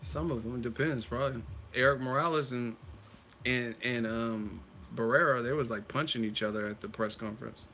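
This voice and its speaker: Excitable man hosting a boxing live stream. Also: medium pitch, moderate pace, a little hiss or hum. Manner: excitable, laughs often, casual and profane. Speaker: boxing channel host. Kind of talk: live-stream chat commentary.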